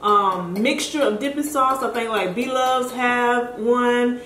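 Chatty woman vlogger, fairly high voice, giggly, echoey room with faint hiss. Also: steady tone, takes it slowly, a bit bright. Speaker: vlog co-host. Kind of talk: casual chat.

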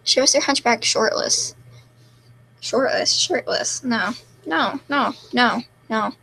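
A young woman streaming live, reading chat comments aloud and answering in a deadpan, self-mocking way. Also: on the high side, slow, gravelly, slightly rough, low-quality recording.

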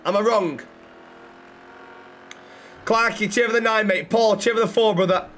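A man streaming a role-play game, swearing constantly and rattling off quick thanks to viewers. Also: sits high, fairly bright tone, a little hiss or hum. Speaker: livestreamer. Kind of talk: live gameplay commentary and role-play.

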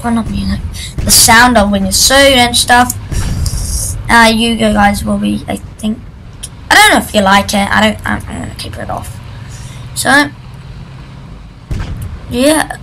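A woman's voice: on the high side, slow, pauses often, a bit bright, slight background noise, poor audio. A woman giving casual, jokey commentary while playing a video game, chatting and shrieking at events in the game. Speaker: gaming video creator. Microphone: computer microphone.

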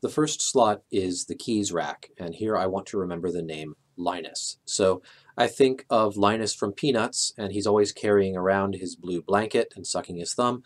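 A middle-aged man with a somewhat low voice teaches a memory method. He talks calmly and methodically, stepping through examples one by one with an occasional "uh". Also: normal speed. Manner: calm, methodical, a few filler "uh"s. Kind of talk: explaining with walk-through examples.

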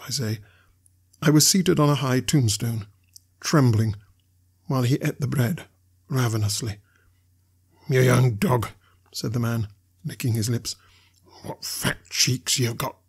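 Husky-voiced male audiobook narrator. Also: medium pitch, a little mellow. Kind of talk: reading a classic novel aloud.

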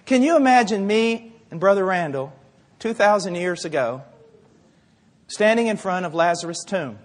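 A man preaching a sermon with passion, pausing for effect and asking rhetorical questions. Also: high-pitched, lively intonation. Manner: impassioned, rhetorical questions, dramatic pauses. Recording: reverberant hall.

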